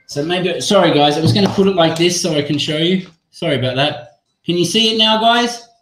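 Male webinar presenter, slightly high voice, casual and chatty, roomy echo on a computer mic. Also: brisk, a bit bright. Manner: chatty, apologetic, thinking aloud while demoing an app. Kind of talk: live online teacher-training webinar. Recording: echoey room sound.

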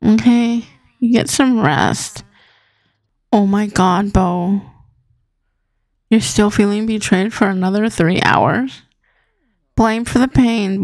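A woman's voice: a little high, no room sound, clean studio sound. A young woman hosting a gaming channel, chatting casually as she plays and talking to her game characters. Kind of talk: casual gameplay commentary.

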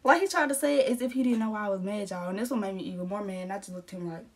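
A young adult woman tells a story for her vlog, talking fast at a medium pitch. Her chat is casual and full of slang, and she laughs often and acts out the quotes.

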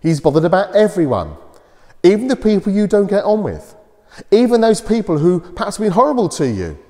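A man preaches a children's talk, his fairly high voice rising and falling in lively swings as he retells a Bible story. His tone stays soft and mellow, explaining things in plain terms. The sound carries a long reverb from the church. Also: brisk. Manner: animated storytelling with simple explanations.

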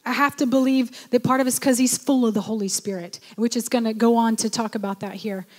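A woman's voice: on the high side, fairly even intonation, a little fast, long reverb tail. A woman pastor preaching a sermon, exhorting her listeners and urging them on. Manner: exhorting, repeats "come on".

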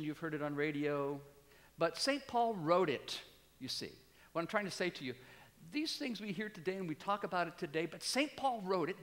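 A pastor in his sixties preaching a sermon, animated, climbing to emphatic peaks and dropping low. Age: 60s. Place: church sanctuary. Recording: long church reverb.

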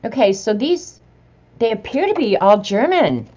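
Chatty woman vlogger, mellow voice. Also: fairly high pitch, big pitch swings, measured pace, lo-fi sound. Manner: chatty, laughs and reads aloud. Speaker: vlogger opening happy mail. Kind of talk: casual chat to viewers.

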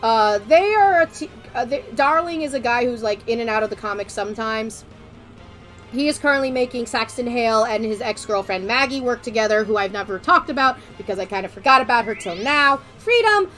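A woman streamer chatting casually, excitable and rambling, often breaking into giggles. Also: fairly high pitch, brisk, soft background music. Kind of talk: casual chat.

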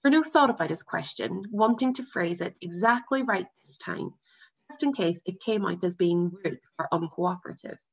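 A woman teacher reading a novel aloud to her class in a steady, expressive way. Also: on the low side, moderate pace, creaky, breathy edge. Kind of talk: read-aloud storybook narration. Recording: dull lo-fi sound.

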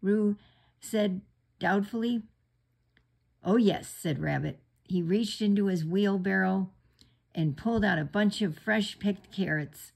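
A woman reading a bedtime story aloud in a gentle, unhurried way. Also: mid-range voice, vocal fry, slightly rough.

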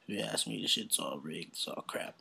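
A man with a low, gravelly voice hosts his own podcast solo. He rants in a blunt, profane, heated way and mocks other people in exaggerated voices. His delivery stays casual and unscripted. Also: fairly quick, bright, forceful tone. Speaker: podcast host.

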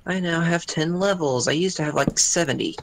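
A man's voice: a little high, fairly quick, gravelly, a bit bright, low-quality recording. Chatty man streaming a block game. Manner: rambling, chatty commentary while playing. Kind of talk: casual gaming chat.

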